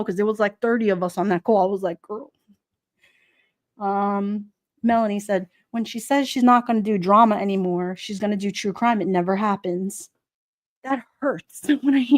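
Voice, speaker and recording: A woman's voice: a little high, darkish tone, dry recording, studio quality. A woman streamer chatting casually on a livestream, reading out comments in a blunt, sassy, gossipy way.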